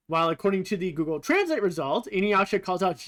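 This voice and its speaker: Lively, chatty game streamer. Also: medium pitch, fast, hardly any pauses. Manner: chatty, thinks aloud with fillers and swearing. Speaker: streamer comparing game translations. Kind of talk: casual commentary over gameplay.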